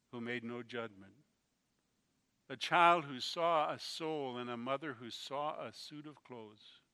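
Slow, bright-voiced preacher telling a story. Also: male voice, mid-range voice. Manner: slow, emotional storytelling with swings in loudness. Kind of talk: sermon with a told story.

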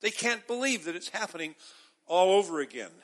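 High, bright-voiced man preaching in a hall. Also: expressive, brisk. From Israel. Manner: emphatic, calls out to the audience. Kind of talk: sermon.

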